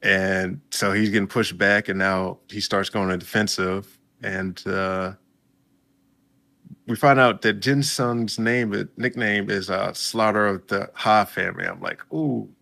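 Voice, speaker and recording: A man's voice: lowish voice, fairly even intonation, a little slow, creaky, sharp tone. A man casually recapping a story for his viewers, chatty and laid-back, breaking in with reactions. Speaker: video host recapping a story.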